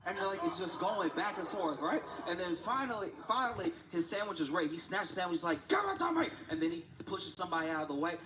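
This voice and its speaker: A man with a slightly high voice chats casually on an art livestream, rambling through a story and laughing often. He repeats himself as he goes, and a steady background noise sits under the recording. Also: fast talker, hardly any pauses. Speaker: livestreaming artist.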